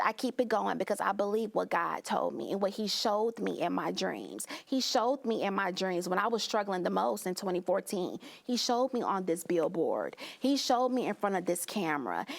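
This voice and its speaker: A woman's voice: mid-range voice, creaky. A woman guest sharing a fervent faith testimony in an interview, often repeating her phrases. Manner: fervent, repeats phrases, voice rises when recounting prayers. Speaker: guest, pageant winner and speaker.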